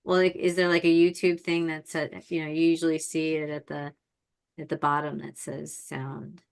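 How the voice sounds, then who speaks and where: A woman hosting a podcast in casual chat, animated, chatty and quick to laugh. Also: low-pitched, gravelly, clear, resonant tone. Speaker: podcast host.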